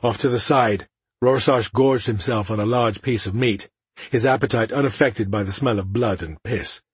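A man with a husky voice reading a fantasy audiobook in steady, measured narration. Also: fairly low pitch, no echo.

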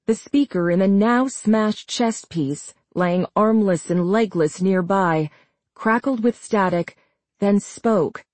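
A woman narrating a horror novel as an audiobook, reading in a slow, measured way. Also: medium pitch, a little mellow, no echo. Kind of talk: scripted narration.

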